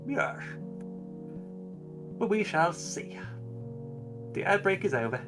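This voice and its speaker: A woman co-streaming, chatting casually in a relaxed way with short replies. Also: medium pitch, takes it slowly. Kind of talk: casual chat. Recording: music playing clearly behind.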